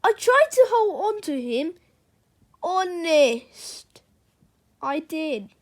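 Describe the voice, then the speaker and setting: A woman's voice: very high-pitched, big pitch swings, drawn-out words, pitched above the performer's own voice, exaggerated voice. A woman reading a storybook aloud, voicing a sly, mischievous young boy who pleads theatrically. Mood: fake-sorry.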